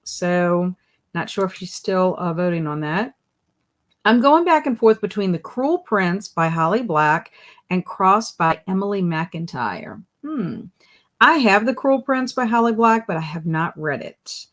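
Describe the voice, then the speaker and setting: An adult woman with a twang hosts a live reading stream. She reads out chat names and greets each one with a high, sing-song hello before chatting easily about books and plans. Her pitch sits in a middle range. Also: expressive, measured pace. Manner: greets chatters by name with bright rising hellos. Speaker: livestream host. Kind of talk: casual livestream chat.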